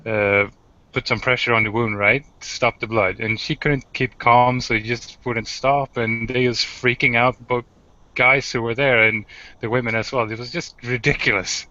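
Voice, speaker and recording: A man on an online group discussion, telling a story in a calm, measured way. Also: medium pitch, no echo. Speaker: round table panelist. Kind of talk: casual chat. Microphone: video call. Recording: dry, slightly muffled call audio.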